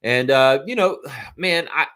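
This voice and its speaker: A man's voice: mid-range voice, lively intonation, unhurried. Fired-up, swearing male stream host. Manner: fired-up, profane ranting that swings loud. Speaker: live-stream host reading viewer chat. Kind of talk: casual fan reaction stream.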